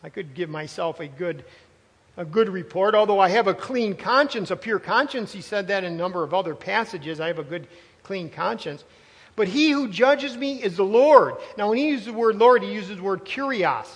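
A high-pitched man delivers a sermon as pastor, speaking in an emphatic, conversational way that doubles back on phrases for stress. His voice carries a long reverb tail, as if recorded in a church sanctuary. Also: lively intonation, moderate pace, a bit bright, breathy edge. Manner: emphatic, conversational preaching with asides and repeated phrases.

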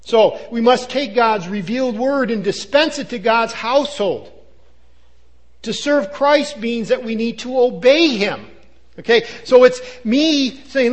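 An older male pastor delivers a lively sermon with a fairly high-pitched voice. He talks in an animated preaching manner, breaking into quick asides and acted-out lines.

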